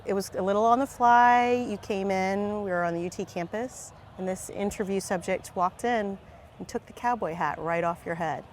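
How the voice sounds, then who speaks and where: A woman's voice: mid-range voice, moderate pace, a little hiss or hum. A woman filmmaker being interviewed at a party, enthusiastic and chatty. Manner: enthusiastic, chatty, laughs easily. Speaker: guest filmmaker. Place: outdoor film party.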